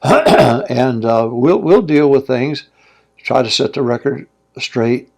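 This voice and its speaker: An older male preacher with a gravelly, creaky voice sits as an interview guest. He tells his story in a folksy, plainspoken way, with easy chuckles along the way. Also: mid-range voice, expressive, takes it slowly, a little mellow. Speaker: pastor and guest.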